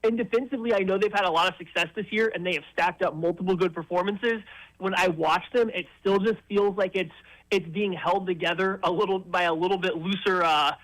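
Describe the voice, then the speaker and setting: A man appearing as a guest analyst on sports talk radio, giving quick, confident football breakdowns. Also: high-pitched, steady tone, a bit bright, poor audio.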